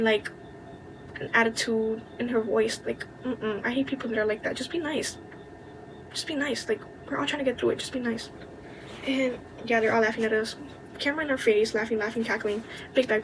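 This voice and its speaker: A young woman telling a college story in a candid, indignant way, with plenty of swearing and quick asides. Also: fairly high pitch, a little hiss or hum, rough recording. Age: young adult. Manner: indignant, venting. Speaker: vlogger. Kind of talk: casual storytime chat.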